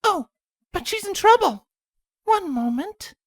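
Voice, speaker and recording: A woman voicing a gentle, shy young female pegasus pony in a storybook reading, speaking softly. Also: extremely high pitch, takes it slowly, no echo, studio quality, pitched above the performer's own voice, full character voice. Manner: soft and gentle, calmly stern when needed.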